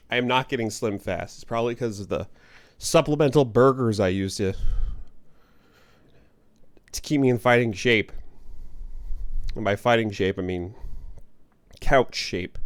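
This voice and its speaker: A man chatting casually with viewers while streaming a game, rambling and joking at his own expense. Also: medium pitch. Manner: rambling, self-deprecating, chats with viewers. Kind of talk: casual gaming stream chat.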